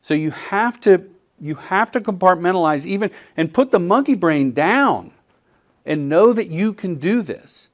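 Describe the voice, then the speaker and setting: A middle-aged man, a commercial director, giving a live workshop talk as an animated storyteller. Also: sits high, a little slow, muffled recording. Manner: animated storyteller who acts out quotes.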